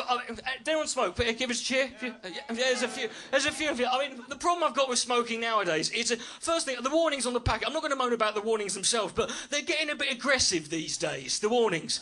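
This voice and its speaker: Male stand-up, high bright voice, quick-fire delivery; brash, sweary, self-deprecating; live club mic with faint noise. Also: animated. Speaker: stand-up comedian. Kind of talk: stand-up routine. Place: comedy club stage with audience.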